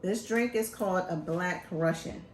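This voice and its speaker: A woman from Philadelphia hosting a casual show, talking in an animated, joking, chatty way. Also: lowish voice, moderate pace, echoey room, slight background noise. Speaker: host. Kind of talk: casual chat.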